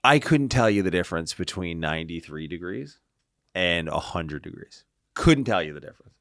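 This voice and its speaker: A man with a very deep voice talks as a podcast guest and clinician. His delivery is animated and casual, full of "like" and "right?", with the odd casual swear. The sound is dry, with no room in it. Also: moderate pace, no echo. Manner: animated, tags lines with "right?" and "like". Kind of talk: casual interview storytelling.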